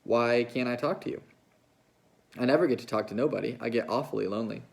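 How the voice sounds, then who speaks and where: A man reading a novel aloud, putting on the voice of a lonely, restless young ranch wife who talks in a coaxing, hurried way. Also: mid-range voice, vocal fry, a little mellow, close to an everyday voice. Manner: coaxing, fast, pleading.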